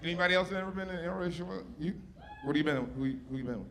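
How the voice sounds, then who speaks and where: On stage before a live audience, a stand-up comedian with a high, creaky voice talks very fast. He teases the crowd with brash, profane crowd work, and loud audience laughter fills the recording.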